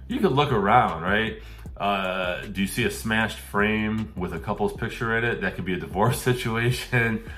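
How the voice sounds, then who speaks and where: Low-voiced man hosting a real estate show. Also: fairly bright tone. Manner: conversational, acts out questions to sellers. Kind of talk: casual advice talk.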